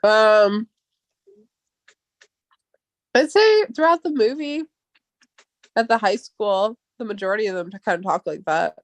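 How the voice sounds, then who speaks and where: A woman's voice: animated, measured pace, pauses often, no echo. A young woman with a Valley Girl accent chatting casually, full of "like", casual swearing and frequent laughter. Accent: Californian Valley Girl. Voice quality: upspeak, peppered with "like", swears casually. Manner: chatty, laughs often, jumps in pitch when quoting. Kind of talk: casual chat.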